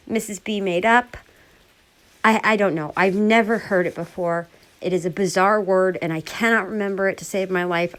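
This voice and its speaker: Woman, casual storyteller, chatty, animated, quoting others, mid-pitched voice. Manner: chatty, animated, full of quoted dialogue. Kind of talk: casual spoken retelling.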